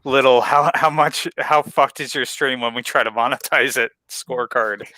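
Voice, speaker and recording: Deadpan, teasing man co-host on a headset; bright voice. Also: mid-range voice, normal speed, no room sound. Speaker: stream co-host. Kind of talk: casual chat.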